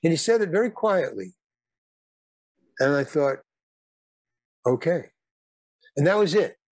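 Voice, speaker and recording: Older man, fairly high voice, rambling storyteller, halting restarts, dry close sound. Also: expressive, darkish tone, dry recording. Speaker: guest. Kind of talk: casual storytelling.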